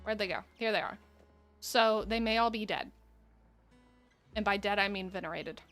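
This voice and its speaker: A woman's voice: mid-range voice, normal speed, fairly bright tone, soft background music. A woman chatting casually through a game stream, rambling, laughing often and talking to her viewers. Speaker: gaming streamer. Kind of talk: casual gameplay commentary.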